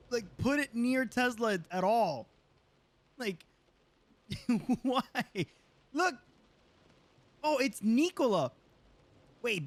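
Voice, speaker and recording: A man's voice: sits high, fairly bright tone. A man streaming a game, talking casually with slang, swearing and lots of fillers as he plays. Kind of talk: let's play commentary.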